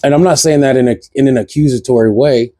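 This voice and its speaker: A man's voice: medium pitch, fast talker, dark tone, no room sound. A man speaking, giving a passionate spiritual monologue to camera that repeats phrases and fires off rhetorical questions. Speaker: vlogger.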